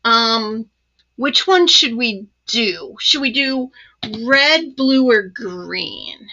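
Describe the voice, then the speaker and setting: Bright chatty woman crafting host. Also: fairly high pitch, extremely slow, dull audio. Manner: chatty, excited, many ums and asides. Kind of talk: casual live crafting demo.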